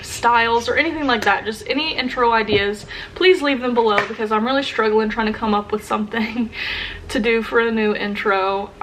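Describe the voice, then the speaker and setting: A woman's voice: on the high side, rough recording. A young woman vlogger talking earnestly and emotionally to camera, often restarting her sentences. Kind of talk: casual sit-down talk to camera.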